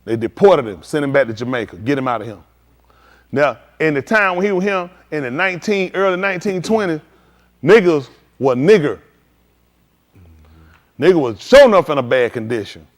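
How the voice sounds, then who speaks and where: A man's voice: fairly high pitch, expressive, normal speed, pauses often. A man preaching at a livestreamed scripture teaching, emphatic and slangy, firing rhetorical questions at his listeners. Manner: slangy street talk.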